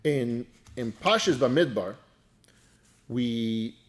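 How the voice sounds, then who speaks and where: A rabbi teaching a Torah class reads a line of Hebrew, then translates and explains it casually. His voice is mid-range and expressive, and he goes at a slow pace. He talks straight to his listeners in a conversational, repetitive way.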